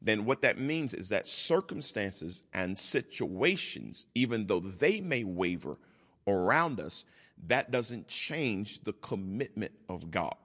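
A man preaching a sermon in a low, emphatic voice. His words ring out with a long hall reverb. He acts out the voices of the people he quotes. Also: big pitch swings, slow, fairly bright tone. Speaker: pastor.

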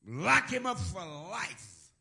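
A middle-aged man preaching from the pulpit, his voice sitting a little high and swinging widely as he builds to shouted praise. He drops quiet for asides, then calls the congregation to repeat after him. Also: wildly swooping pitch, slow pace, vocal fry. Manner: call-and-response preaching, rising to shouts; repeats "praise God" often. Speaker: pastor. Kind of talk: sermon.

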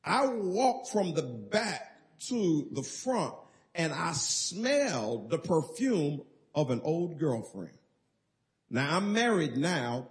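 High-voiced man preaching emphatically. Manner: emphatic preaching with call-and-response. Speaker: pastor. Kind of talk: sermon.

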